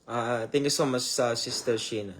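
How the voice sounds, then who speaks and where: A man's voice: mid-range voice, fairly even intonation, moderate pace. A man with a Filipino accent, a native Tagalog speaker, gives a Bible teaching in English in a loose, conversational way. He keeps calling his listeners "my dears" and repeats rhetorical questions. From Philippines. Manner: loose and conversational, starts phrases over. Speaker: preacher. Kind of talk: live-streamed Bible teaching.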